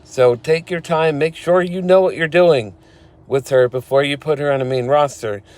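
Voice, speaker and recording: A man's voice: fairly high pitch, moderate pace, a little mellow. A man recapping a wrestling show in casual, blunt, opinionated talk, now and then swearing. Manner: blunt and opinionated, swears, laughs at his own retellings.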